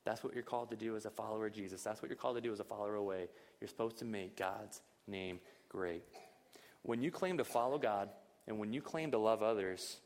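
A man's voice: fairly low pitch, brisk. Man preaching in an echoing hall. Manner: lively, conversational preaching with frequent rhetorical questions. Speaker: pastor. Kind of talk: sermon. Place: church service.

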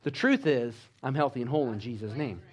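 A man preaching a sermon with exhortations, swinging between loud emphatic lines and quiet low ones. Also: big pitch swings, fast. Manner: exhorting, with call-and-response asides. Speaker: pastor.

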